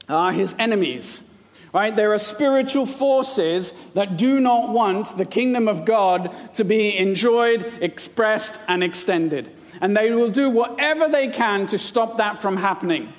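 High-voiced male preacher in a reverberant hall. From India. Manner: playful, jokey asides between scripture readings. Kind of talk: sermon.

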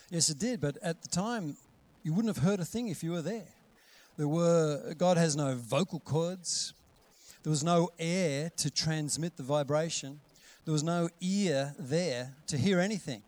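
A pastor preaches in an easy, conversational way. His voice sits a little high for a man. He acts out the voices he quotes and sinks to a hush for gentle lines. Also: a little slow. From Australia. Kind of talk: sermon.

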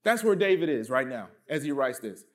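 A male pastor delivers a sermon, reading from scripture and driving his points home by dropping his pitch and volume for emphasis. His delivery is sing-song and fairly quick.

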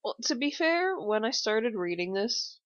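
A woman co-hosting a podcast, chatting casually, blunt and deadpan, swearing now and then. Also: a little high, unhurried, no room sound. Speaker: podcast co-host. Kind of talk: casual chat. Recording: dull, dry lo-fi podcast audio.

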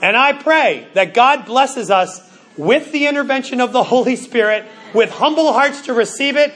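Brief: male pastor, high voice, earnest sermon delivery, slows to stress points. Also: lively intonation, a bit bright. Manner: earnest, stumbling restarts, slows for emphasis.

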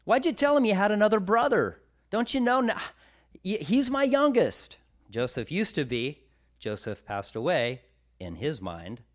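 A man voicing an exasperated aging father who scolds his grown sons in a shrill, indignant tone. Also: very animated, a little slow.

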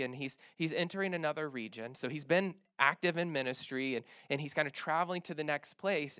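A man's voice: a little high, no echo, studio quality. A man preaching a sermon in a conversational way, often restarting phrases and acting out the people in the story. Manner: conversational, many restarts and fillers, animated retelling. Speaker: pastor.

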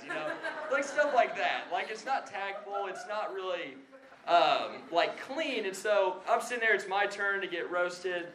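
A man's voice: high voice, very animated, fairly quick, sharp tone. A young man giving a casual sermon-style talk to a live audience, chatty and self-deprecating with lots of "like" fillers. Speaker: speaker at a Christian gathering. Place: hall before a live audience. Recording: echoey room, faint background noise.

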